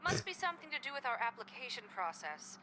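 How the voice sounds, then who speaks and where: An actress voicing a sarcastic, scolding postal supervisor over a phone call in a game. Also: female voice, fairly high pitch, big pitch swings, fast, heavy background noise.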